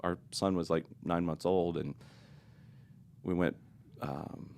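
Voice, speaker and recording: A middle-aged man with an extremely deep, gravelly voice full of rough fry tells a personal story in a podcast interview. He's earnest, confessional and reflective, speaking slowly with fairly even intonation and a darkish tone over a little hiss or hum.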